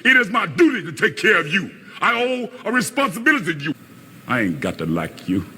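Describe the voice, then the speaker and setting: A stern, gruff father in a film drama, scolding his son with a bright, husky voice. The pitch swings widely from low growls up to raised shouts, and the sound rings with a long hall reverb. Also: huge pitch swings, fairly quick, heavily acted.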